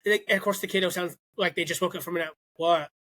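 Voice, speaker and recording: Bright-voiced man telling stories. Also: high voice, rapid-fire. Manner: animated, acts out quoted voices. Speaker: podcast co-host. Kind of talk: casual storytelling chat.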